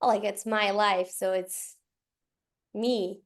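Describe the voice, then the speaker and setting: A woman's voice: medium pitch, fairly even intonation, takes it slowly. A woman taking part in a class, sharing her thoughts hesitantly and searching for words. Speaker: class participant.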